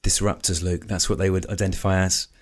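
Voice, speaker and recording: Deep, measured man hosting a podcast. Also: level tone. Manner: measured, diplomatic, steers the conversation. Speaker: podcast host. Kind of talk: casual podcast chat.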